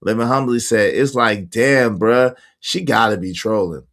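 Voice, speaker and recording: In a casual livestream chat, a male host reads out viewer comments with slangy emphasis and frequent laughter. His voice is lowish and fairly bright, delivered at a measured pace.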